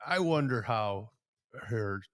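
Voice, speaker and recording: A man co-hosting a podcast, chatting in an easygoing way and calmly explaining things. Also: on the low side, takes it slowly, dry recording, studio quality. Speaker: podcast co-host. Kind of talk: casual chat.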